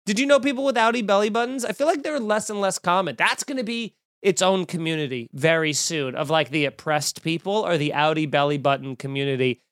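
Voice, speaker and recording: A man's voice: fairly high pitch, a little fast, few pauses, fairly bright tone, no room sound, clean studio sound. Profane, rambling podcast host man. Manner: profane, riffing stream of consciousness. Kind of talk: casual rambling chat.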